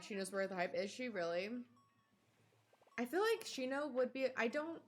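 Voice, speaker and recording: A woman's voice: medium pitch, vocal fry. A young woman streamer chatting casually while she plays a cozy life-sim game, rambling and talking to her chat.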